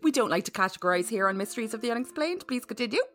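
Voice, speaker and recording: A woman's voice: a little high, expressive, racing, a bit bright, soft background music. A woman hosting a comedic mystery podcast, playful and teasing. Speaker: podcast host.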